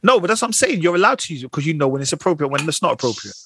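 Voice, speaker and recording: Fast-talking animated man. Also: on the high side, slight background noise. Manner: animated, acts out voices in anecdotes. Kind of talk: casual chat.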